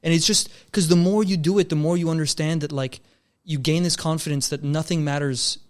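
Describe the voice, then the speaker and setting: A young Canadian filmmaker, appearing as a guest, tells a long story in a casual chat, laid-back and calling people bro and dude. His fairly high voice has fairly even intonation and runs a little fast.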